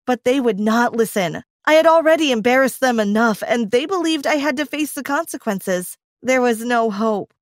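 Woman narrating a dramatic story. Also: on the high side. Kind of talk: scripted first-person narration.

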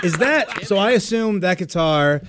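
A man's voice: high voice, animated, a little slow, very noisy. A man co-hosting a podcast in casual, joking, rambling chat on a studio mic. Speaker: podcast co-host.

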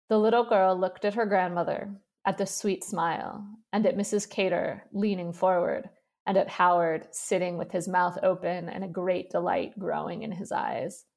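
A woman reading a short story aloud in measured, even narration. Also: lowish voice, vocal fry. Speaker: reader. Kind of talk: literary reading.

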